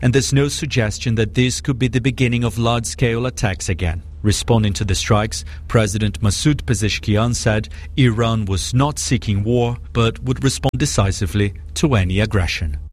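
A man filing a news report in a measured, analytical way. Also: mid-range voice. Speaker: correspondent.

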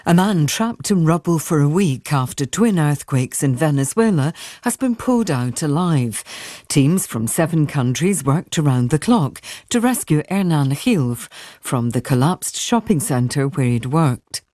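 Woman reading the news, calm and formal, deep mellow voice. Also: no echo, studio quality. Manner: measured, formal. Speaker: newsreader. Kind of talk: news bulletin.

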